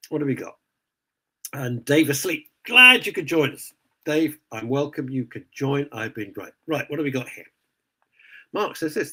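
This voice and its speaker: A man's voice: mid-range voice, lively intonation, moderate pace, pushed and bright, slightly rough, rough recording. A man hosting a radio show, ranting indignantly in casual opinionated chat. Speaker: radio host.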